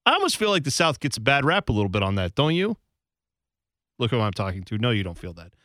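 A man hosting a sports radio show, joking with his co-host. His voice sounds bright and expressive, and the studio is dry and close. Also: mid-range voice, quick pace, dry recording. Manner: joking, slips into mock accents. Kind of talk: casual sports radio banter. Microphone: studio microphone.

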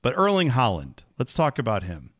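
A man co-hosting a sports podcast, chatting casually and getting animated when exasperated. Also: mid-range voice, normal speed, dry recording, clean studio sound. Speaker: podcast co-host.

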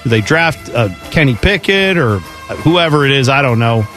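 A man's voice: medium pitch, expressive, moderate pace, a bit bright, faint music behind. A man hosting a casual sports radio show, opinionated and chatty, slipping into mocking voices when he quotes people. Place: radio studio.

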